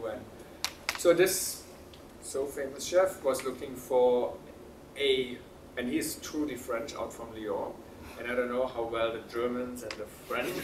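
Man, storyteller, halting with fillers, distant mic, roomy hall sound, faint background hum. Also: medium pitch. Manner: halting, many fillers and restarts, laughs often. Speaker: speaker at a talk. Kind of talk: telling a personal story to an audience.

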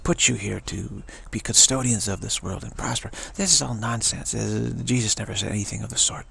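A man's voice: on the low side, fairly quick, sharp tone, slight background noise. A man giving an emphatic spiritual talk, often repeating and restarting words. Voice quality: gravelly and husky. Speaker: spiritual teacher.

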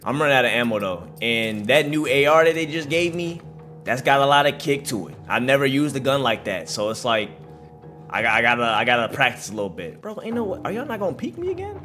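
A man's voice: mid-range voice, sing-song, fairly quick, sharp tone, faint music behind. A man giving live, slangy reaction commentary while playing a video game, trash-talking the enemies. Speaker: gaming channel host.

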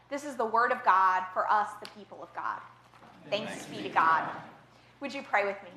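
A woman's voice: medium pitch, animated, moderate pace, bright, forceful tone. A woman associate pastor reading scripture and preaching a sermon, telling stories in a conversational way. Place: church sanctuary. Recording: echoey church sanctuary.

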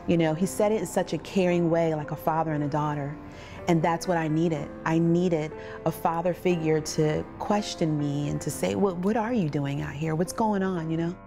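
A woman's voice: deep voice, fairly even intonation, moderate pace. Woman recounting her past over music. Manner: vivid storytelling, acts out quoted voices. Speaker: trafficking survivor telling her story. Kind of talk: personal testimony interview. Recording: music bed underneath.

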